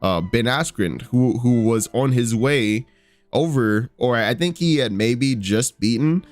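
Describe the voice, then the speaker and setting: A man's voice: medium pitch, a little slow, soft background music. Rambling profane man, casual commentary. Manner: rambling, profane, frequent fillers and restarts. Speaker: podcast host.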